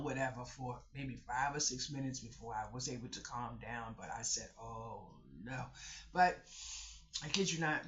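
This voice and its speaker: A vlogger telling a personal story in a casual storytelling vlog, chatty and animated, talking straight to viewers and repeating the same catchphrase. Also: medium pitch, a little hiss or hum. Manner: animated storyteller, repeats "I kid you not", acts out others' voices; chatty, addresses viewers directly. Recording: dull lo-fi recording.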